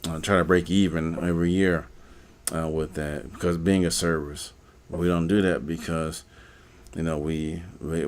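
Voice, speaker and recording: Man, very deep voice, rambling live stream commentary, lots of fillers. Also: clean tone. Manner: rambling, repeats words, many fillers and "okay?". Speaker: live stream host, postal worker.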